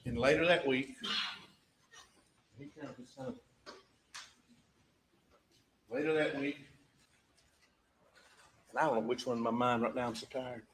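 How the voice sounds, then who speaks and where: A man's voice: medium pitch, moderate pace, long pauses, slight background noise, poor audio. A man giving a closing argument as a prosecutor in a courtroom, emphatic and full of rhetorical questions that drive home each point.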